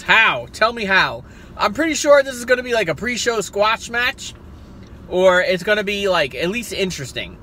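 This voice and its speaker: A man's voice: sits high, normal speed, slight background noise. A man with a South Jersey accent ranting casually about wrestling picks from a parked car, profane and jokey. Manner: profane, excitable, jokey rants. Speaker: wrestling vlogger.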